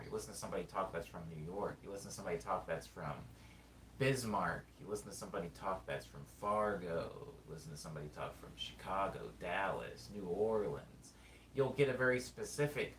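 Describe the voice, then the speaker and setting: A man from California with a Californian accent, chatting casually as a streamer, thinking aloud and reading chat in a rambling, drawn-out way. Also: on the low side, fairly bright tone. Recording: roomy sound, mic at a distance, faint background noise.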